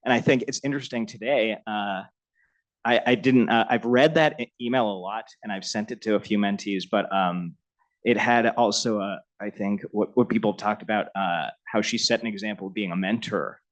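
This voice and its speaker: A man's voice: fairly low pitch, moderate pace, rough recording. A middle-aged man on a lecture panel telling a personal anecdote about his mentor, laughing often and growing emotional as he talks.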